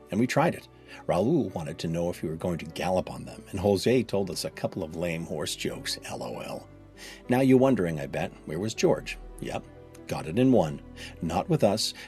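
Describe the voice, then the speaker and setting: A man's voice: low-pitched, a little mellow. A man reading aloud a first-person children's story in a chatty, kid-like storytelling voice. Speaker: narrator.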